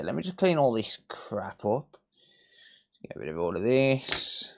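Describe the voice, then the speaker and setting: A man's voice: medium pitch, big pitch swings, measured pace, creaky, slight background noise. A man, chatting casually and joking crudely with viewers while doing electronics repair work. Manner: joking, crude banter with chat. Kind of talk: casual live-stream chat while working.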